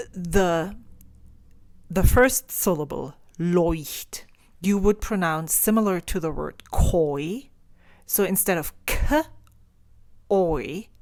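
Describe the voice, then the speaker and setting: A woman in her forties with a German accent, explaining pronunciation in a casual vlog and sounding out words slowly. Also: deep voice, darkish tone, no room sound. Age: 40s. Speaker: stationery vlogger.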